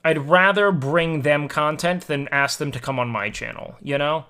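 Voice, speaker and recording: A man's voice: on the high side, moderate pace, sharp tone, clear, resonant tone. A young man livestreaming, chatting casually and musing aloud to his chat, swearing now and then, at a home desk mic.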